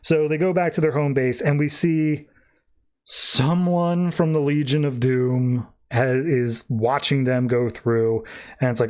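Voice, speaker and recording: A man's voice: medium pitch, fairly even intonation, a little mellow. A man hosting a podcast, giving a rambling, casual recap of a comic book story. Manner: rambling, breezy summarizing with quick mock voices. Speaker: podcast host.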